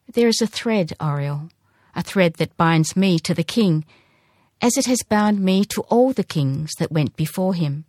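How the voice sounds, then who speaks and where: A woman voicing an ancient male hoopoe wishbird, speaking slowly, solemnly and sorrowfully. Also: lowish voice, lively intonation, a little mellow, dry recording, clean studio sound.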